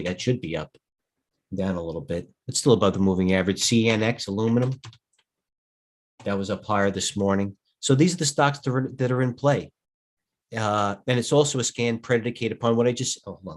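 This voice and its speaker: A middle-aged man hosting a live trading stream, a little tired and rambling as he thinks aloud and interrupts himself. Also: fairly low pitch. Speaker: stock trading host.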